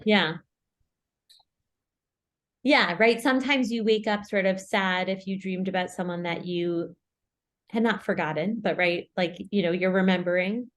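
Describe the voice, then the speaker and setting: A woman's voice: fairly low pitch, steady tone, a little slow, long pauses. A woman leading a casual Torah study group, chatty and thinking aloud with many "like" and "right?" asides.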